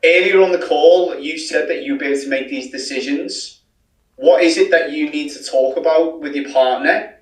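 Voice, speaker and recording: A man's voice: a little high, normal speed, echoey room, distant mic, rough recording. A man practicing a sales response in a careful, rehearsed way during a training session. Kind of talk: role-play practice.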